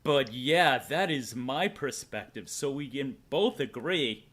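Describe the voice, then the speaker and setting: A man's voice: mid-range voice, animated, slow pace, fairly bright tone. A young man with a Boston accent, hosting a livestream and rambling to his chat, swearing freely as he goes. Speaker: streamer host.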